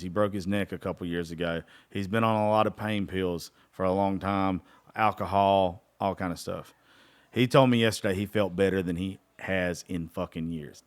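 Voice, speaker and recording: A man's voice: deep voice, fairly bright tone. Profane man telling a story. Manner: profane, rambling, with many fillers. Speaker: podcast host. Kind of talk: casual storytelling monologue.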